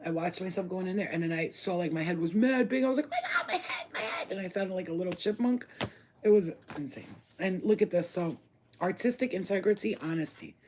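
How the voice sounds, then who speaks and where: A casual card reader talks straight to the camera in loose street slang, swearing freely and getting worked up over each card. The voice sits at a middling pitch over a faint hiss of background noise. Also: brisk. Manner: slangy, profane, excitable, talks straight to the viewer.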